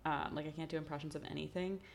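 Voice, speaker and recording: A woman's voice: deep voice, steady tone, racing, creaky, a little hiss or hum. A young woman from Texas, hosting a podcast in casual, chatty talk full of "like" and laughter. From Texas, USA. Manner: chatty, laughing, heavy use of "like". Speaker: podcast host. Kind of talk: casual chat.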